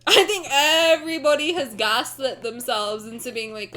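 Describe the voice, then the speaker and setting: A woman's voice: sits high, steady tone, normal speed, sharp tone, soft background music. A young woman streamer chatting casually in a reaction stream, teasing and blunt, swearing freely and laughing often.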